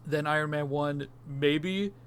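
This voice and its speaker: A man's voice: fairly high pitch, steady tone, takes it slowly, fairly bright tone, clean tone. A man co-hosting a casual movie discussion podcast, rambling and swearing freely. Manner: rambling, swears casually, does silly beep noises. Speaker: podcast co-host.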